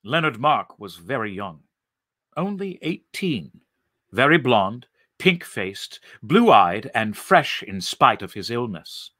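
Slow, expressive male storyteller. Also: medium pitch, no room sound, studio quality. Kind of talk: dramatic story reading.

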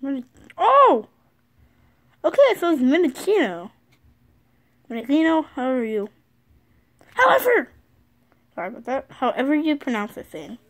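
A school-age girl vlogging casually from her bed, excitable, reading card names aloud and often apologizing. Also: sits high, normal speed, long pauses. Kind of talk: casual card-opening vlog. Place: sitting on her bed at home.

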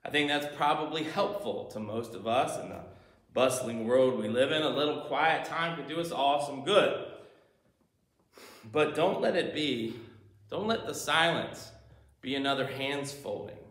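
A man preaching a sermon, animated, shifting between loud emphasis and quiet asides. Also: medium pitch, unhurried, reverberant. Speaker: pastor.

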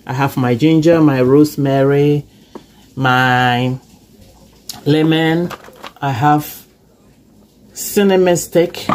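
A woman's voice: extremely low pitch, a little mellow, a little hiss or hum. A woman, who has a cold, hosting a chatty, reassuring cooking tutorial in her home kitchen. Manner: chatty, reassuring, repeats okay. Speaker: cooking channel host.

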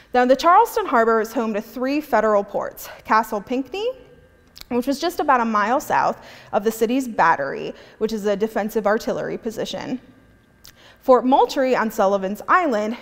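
A woman museum curator giving a scripted history presentation, reading historical quotes aloud with an occasional aside. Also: on the high side. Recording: long hall reverb.

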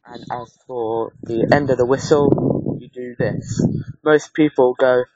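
A man's voice: mid-range voice, fairly even intonation, a little mellow, dry recording. A man with a northern English accent casually explaining referee whistle techniques in a how-to video. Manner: plain, halting explanations. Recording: dull lo-fi home mic.

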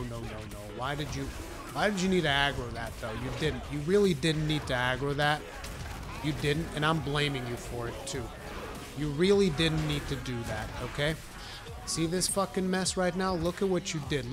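A man giving live gameplay commentary, with brash, profane trash talk at his teammates and sudden excited shouting. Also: on the high side. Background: game music.

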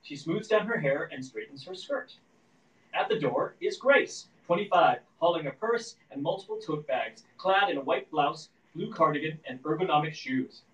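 A man reading the stage directions of a screenplay aloud at a live reading, in a steady, descriptive manner. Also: fairly high pitch, moderate pace. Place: event room at a live reading. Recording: echoey room, distant mic.

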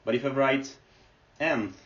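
A man's voice: medium pitch, measured pace. A man giving a screen-recorded lecture, explaining step by step with many fillers as he types. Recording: echoey, distant, dull lo-fi.

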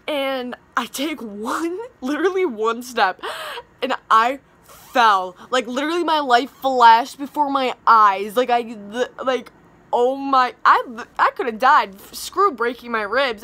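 A woman's voice: high-pitched, bright, forceful tone. A young woman vlogger telling a story to the camera in a chatty, dramatic way, filling her talk with "like". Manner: dramatic, chatty, heavy use of "like".

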